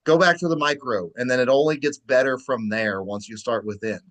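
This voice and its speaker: A man's voice: mid-range voice, fairly quick, fairly bright tone. A man hosting a podcast in casual chat, agreeing easily and swearing freely. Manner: agreeable, laid-back, profane. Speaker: podcast host.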